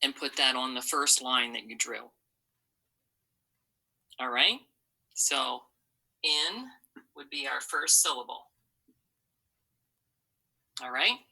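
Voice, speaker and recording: A woman's voice: extremely low pitch, slow pace, vocal fry, pauses often, sharp tone, breathy edge, low-quality recording. A woman teacher giving a patient, step-by-step phonics lesson, modeling sounds for students to repeat.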